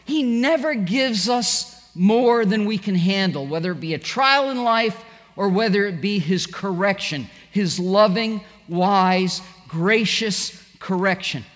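A man's voice: sits high, expressive, slow, fairly bright tone, in a large hall. A middle-aged man preaching a sermon, telling stories animatedly and acting out the quoted voices. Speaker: pastor.

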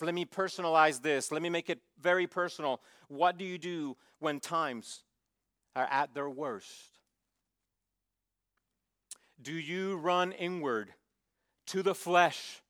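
Emphatic high-voiced male preacher. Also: fairly bright tone, clean tone, no echo, studio quality. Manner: emphatic, asks the congregation to fill in words. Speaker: pastor. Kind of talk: sermon.

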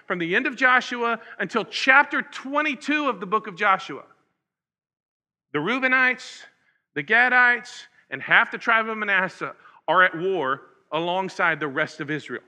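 A man's voice: sits high, sharp tone. A man preaching a sermon, reading scripture and explaining it with casual asides. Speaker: pastor.

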